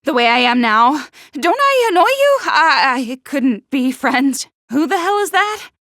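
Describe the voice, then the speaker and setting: A woman voicing a gloomy, sharp-tongued teenage schoolgirl for a video game, with a nervous stutter and snide, sarcastic put-downs. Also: high voice, sing-song, a little slow, no echo, studio quality, full character voice. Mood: flustered. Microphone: close studio mic.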